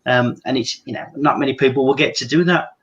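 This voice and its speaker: A man's voice: mid-range voice, fast talker, fairly bright tone, highs cut off. A man who is a regular on a chat show, bantering casually and calling people mate. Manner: chatty, says mate. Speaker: regular panelist.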